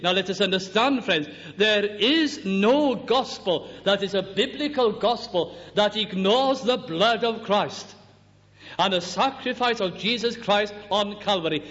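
A male preacher delivering a slow, deliberate sermon, reciting scripture and hymn lines and sinking low on the words he stresses. His voice sits fairly high, and the dull, lo-fi recording carries a long reverb through the hall. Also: a bit bright.

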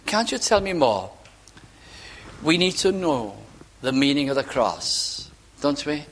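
High-voiced man preaching a sermon. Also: sing-song, slow pace, slight background noise. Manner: rhetorical questions, emphatic swings from loud to hushed.

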